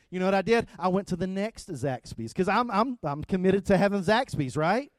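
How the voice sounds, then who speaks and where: A man's voice: high-pitched, a little fast, few pauses, dry recording. A middle-aged man preaching a conversational sermon, telling everyday stories with frequent asides to the congregation. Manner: conversational, storytelling, rising to loud animated retelling. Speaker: pastor.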